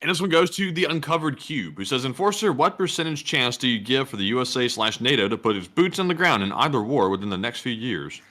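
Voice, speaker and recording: A male co-host at mid pitch, reading viewer messages briskly and plainly. His voice is bright and forceful, with a lively, varied melody.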